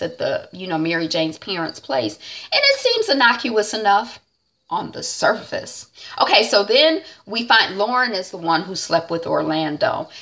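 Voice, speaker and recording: Middle-aged woman vlogger, relaxed and chatty, recounts scenes with um and you know. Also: lowish voice, gravelly. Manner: chatty, acts out scenes with many fillers. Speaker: TV recap vlogger. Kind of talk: casual episode recap.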